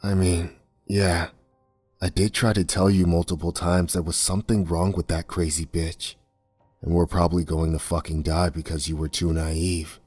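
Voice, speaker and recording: A man's voice: sits low, little pitch movement, moderate pace, a little mellow, slightly rough, no room sound, faint music behind. A man voicing a frightened, bitter young man who speaks harshly and rawly. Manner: harsh and raw, hissing.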